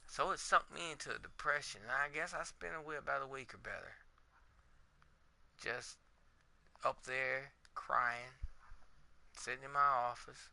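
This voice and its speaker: Raw, profane man with a sharp voice. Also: medium pitch, steady tone, measured pace, creaky, long pauses. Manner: blunt, profane and emotionally raw. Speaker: podcast host. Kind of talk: candid personal monologue.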